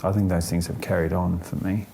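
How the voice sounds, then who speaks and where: A man answering an interview question in a thoughtful, unhurried way, often pausing with fillers and restarting his sentences, with a gently upbeat tone. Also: low-pitched, little pitch movement, gravelly, faint music behind.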